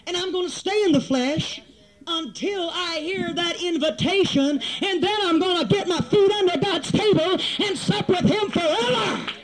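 A man's voice: extremely high pitch, moderate pace, few pauses, over a noisy crowd. A man preaching a fervent revival sermon in church, impassioned and repetitive, calling out to the congregation. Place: church during a service.

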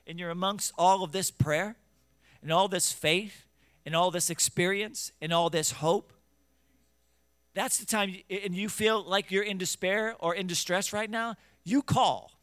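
A man preaching a sermon who reads scripture in old-fashioned wording, scolds his listeners directly and builds from quiet teaching to loud, fervent exhortation. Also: high-pitched, clear, resonant tone, dry recording.

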